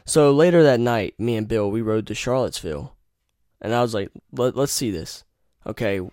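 A man's voice: mid-range voice, animated, normal speed, darkish tone, no room sound, studio quality. A young man hosting a podcast, telling rambling, profane stories and giving blunt opinions in a casual monologue. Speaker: podcast host.

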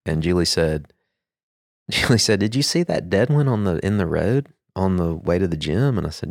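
A man, co-hosting a podcast in casual chat, telling animated stories and laughing often. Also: low-pitched, moderate pace, dry recording, studio quality. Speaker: podcast co-host.

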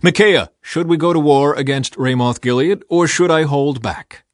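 A man reading aloud and voicing an angry king who gives commands in a louder, higher voice. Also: normal speed, dry recording, studio quality, natural voice. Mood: demanding. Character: angry, imperious male king of Israel.

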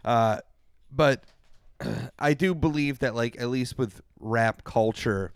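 A man's voice: mid-range voice, takes it slowly, vocal fry, clean tone, dry recording, studio quality. A young man on a casual podcast, rambling with hesitant fillers and mocking asides. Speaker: podcast co-host.

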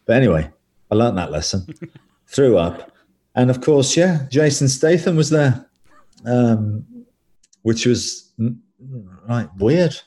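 A man's voice: medium pitch, expressive, takes it slowly, pauses often, dark tone. A man telling rambling, self-deprecating stories as a guest in a casual interview.

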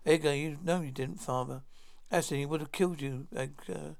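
Gravelly man reading a script aloud. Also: on the high side, normal speed, darkish tone. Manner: announces each speaker's name before the line. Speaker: narrator reading all parts. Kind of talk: plain read-through of a script.

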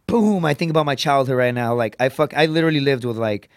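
A man, a comedian and former Marine, telling a rough story on a podcast in blunt, profane language. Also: medium pitch, dry recording, clean studio sound. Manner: profane, rapid, animated storytelling.

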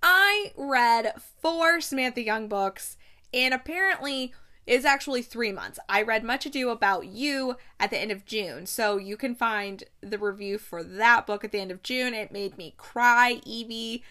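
A young woman chatting casually about the books she read this month, gushing and excitable, rambling with restarts and laughs. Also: on the high side, unhurried. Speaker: book reviewer. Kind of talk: casual monthly wrap-up chat.

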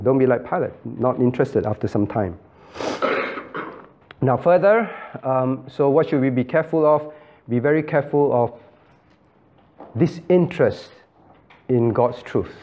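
A man's voice: medium pitch, dull audio. A male pastor leading an interactive Bible study in a church room, emphatic and questioning, calling on listeners by name.

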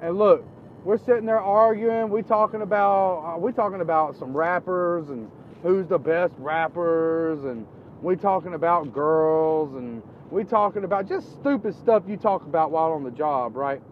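A man from Florida telling casual stories about his old neighborhood, rambling and animated, often raising his voice to quote people. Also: on the high side, normal speed, phone-quality sound, slight background noise. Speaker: storyteller. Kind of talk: casual storytelling.

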